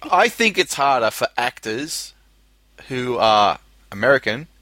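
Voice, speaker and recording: Man, Australian accent, bright, blunt, profane, laughing, casual chat. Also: mid-range voice, dry recording.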